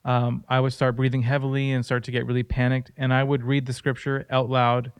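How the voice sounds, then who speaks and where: Earnest, smooth-voiced man on a podcast. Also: medium pitch, completely flat delivery, a little fast, no room sound. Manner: earnest storytelling. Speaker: podcast co-host. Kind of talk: casual faith-based podcast chat.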